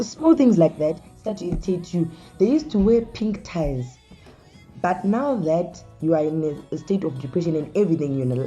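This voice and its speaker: A woman's voice: deep voice, mellow, husky, dull audio. A woman hosting a casual talk show, speaking conversationally and often calling her listeners "guys". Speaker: host.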